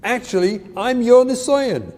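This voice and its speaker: A man's voice: extremely high pitch, animated, measured pace, darkish tone, long reverb tail, voice pushed up. A man voicing a child who pleads and admits his own faults, in a self-deprecating way. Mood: pleading.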